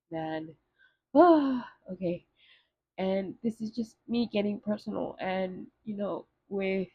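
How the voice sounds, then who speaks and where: Slow, tearful young woman podcaster. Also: lowish voice, no echo. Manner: halting, with many pauses, fillers and sighs. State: tearful, emotional. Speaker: podcast host. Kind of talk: heartfelt solo podcast monologue. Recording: slightly dull, dry lo-fi recording.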